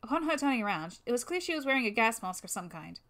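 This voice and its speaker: A woman's voice: a little high, sing-song, quick pace, a bit bright. Woman reading a story on a livestream. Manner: casual, with swearing asides. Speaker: reader of a fan-made game story. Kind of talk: reading fan fiction on a livestream. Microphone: new microphone.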